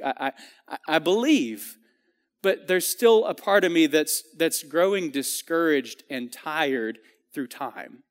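Man, sermon, earnest and conversational, slightly high voice, long church reverb. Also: fairly bright tone. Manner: earnest, conversational, many restarts and fillers. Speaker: preacher. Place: church sanctuary.

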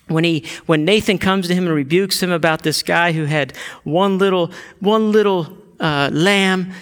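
High-voiced man preaching a sermon. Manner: storytelling preacher, acts out quotes, rises to loud emotional peaks. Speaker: pastor.

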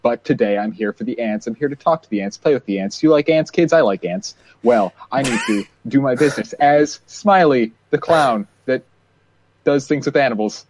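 A man voicing an overeager male clown who entertains at parties, loud and showy. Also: medium pitch, normal speed, a little hiss or hum, natural voice.

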